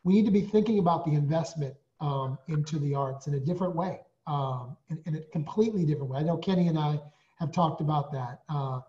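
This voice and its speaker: A man's voice: a little high, fairly quick, dark tone. A man co-hosts an online panel discussion in a somewhat raised voice. He asks winding, hesitant questions full of restarts, and the video call audio sounds dull and muffled. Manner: hesitant, with many fillers and restarts. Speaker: co-host.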